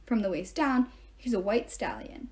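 Woman reading a novel aloud, mellow. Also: mid-range voice, moderate pace. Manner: even, first-person storytelling. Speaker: reader.

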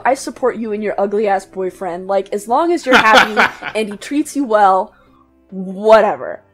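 Woman co-host, husky, chatty, laughs easily, casual podcast discussion. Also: mid-range voice, expressive, moderate pace, faint music behind. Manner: chatty, laughs often, lots of "like" fillers.

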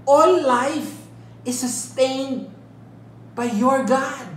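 A woman's voice: on the high side, lively intonation, takes it slowly, pauses often, slight background noise. A woman leading a Bible study, emphatic and full of rhetorical questions, checking in with "right?". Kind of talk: interactive Bible teaching. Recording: echoey room with faint ambience.

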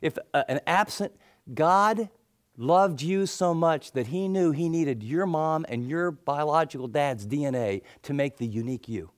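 A middle-aged male pastor preaching a sermon, telling stories and acting out the people in them, then dropping into soft, intense tones. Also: a little high, unhurried. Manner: storytelling, acts out quoted people, drops to soft intense tones.

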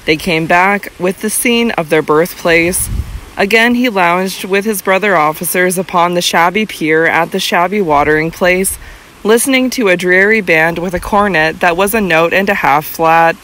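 An audiobook narrator reading a classic novel in measured, even, scripted narration. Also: mid-range voice, slight background noise.

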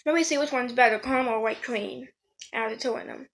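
A woman's voice: fairly high pitch, fast, a little hiss or hum. A woman vlogging casually while eating, chatty, talking between bites and correcting herself as she goes.

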